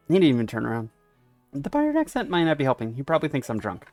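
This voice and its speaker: A man's voice: a little high, wildly swooping pitch, quick pace, a little mellow, no echo, soft background music. Chatty man doing let's-play commentary. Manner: casual and chatty, with wry asides. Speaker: game streamer.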